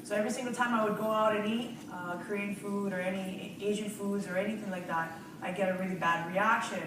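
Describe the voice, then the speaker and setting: Before a live audience in a large room, a woman gives a nervous, rambling personal testimonial, often laughing and restarting her sentences. Her mid-range voice has fairly even intonation and moves a little fast. The mic is distant in an echoey hall, with audience noise.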